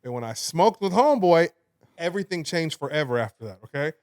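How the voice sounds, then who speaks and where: A young man on a podcast, telling a wild story in casual chat, animated, swearing and laughing as he goes. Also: a little high, brisk. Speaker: podcast co-host.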